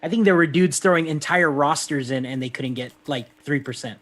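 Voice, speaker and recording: A man's voice: on the high side, a little fast, fairly bright tone. A man co-hosting a casual gaming stream, talking in a laid-back way with lots of fillers and repeats. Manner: laid-back, hesitant, filler-heavy, calls people man.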